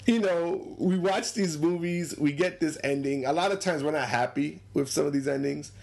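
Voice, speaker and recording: A man's voice: a little high, normal speed, vocal fry, darkish tone. A man chatting casually about movies, laughing often and acting out characters in a raised voice. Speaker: movie discussion co-host. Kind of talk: casual chat.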